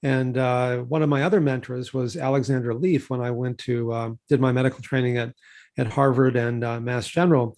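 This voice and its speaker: A man in his sixties from Texas talks through his memories in an easygoing, rambling way. He keeps circling back with "uh" and "you know" and restarts his sentences, but his voice stays even and of middling pitch. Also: fairly quick. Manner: relaxed, digressive, many fillers and restarts. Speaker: physician and researcher. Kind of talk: conversational interview storytelling.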